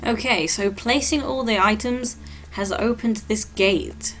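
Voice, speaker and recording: A woman giving relaxed, explanatory commentary while playing through a game level. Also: on the high side, unhurried. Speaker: gameplay walkthrough host. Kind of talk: casual gameplay commentary.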